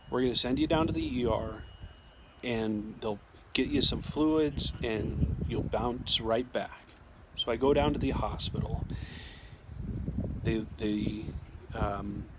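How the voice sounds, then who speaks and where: A man telling a personal story in a casual, conversational way, often restarting his sentences and acting out what was said to him. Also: mid-range voice. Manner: conversational, with frequent restarts and quoted dialogue. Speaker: storyteller sharing a personal experience. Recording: loud background noise.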